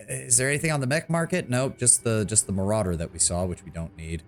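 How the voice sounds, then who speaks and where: A man's voice: lowish voice, quick pace, hardly any pauses, a little hiss or hum. A man streaming a video game, chatting casually with some swearing and enthusing about mechs. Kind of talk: casual gaming livestream commentary.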